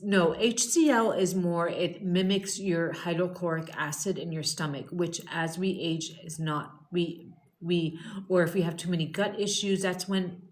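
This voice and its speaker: A woman hosting a casual wellness livestream from her home kitchen. She chats with viewers and calls them "my love". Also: on the low side. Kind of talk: casual live chat with viewers. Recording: echoey room with loud background noise.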